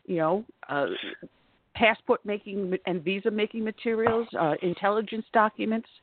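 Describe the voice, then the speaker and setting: A woman's voice: medium pitch, moderate pace, a little hiss or hum. A woman hosting a political talk radio show, speaking emphatically. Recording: phone-line quality.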